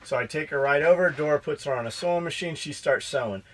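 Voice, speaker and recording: A man's voice: a little high, quick pace, a bit bright, slight background noise. A middle-aged man co-hosting a podcast, telling profane shop stories in casual chat and acting out both sides of the dialogue. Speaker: podcast co-host and shop owner.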